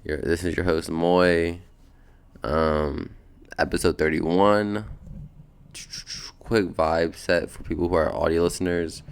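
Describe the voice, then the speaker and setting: A drowsy young man hosts his podcast from a beanbag at home, his deep voice grainy with vocal fry yet smooth and resonant. He rambles in a relaxed, slangy way, swearing casually as his thoughts drift. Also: slow pace, pauses often. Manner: laid-back, slangy, meandering, cursing. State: sleepy, just woken up. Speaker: podcast host.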